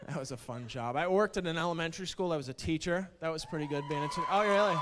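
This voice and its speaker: A man doing a stand-up comedy set, wry and self-deprecating, building to loud indignant outbursts. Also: on the high side, slight background noise. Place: comedy stage before a live audience. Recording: stage mic in a reverberant hall with laughing crowd.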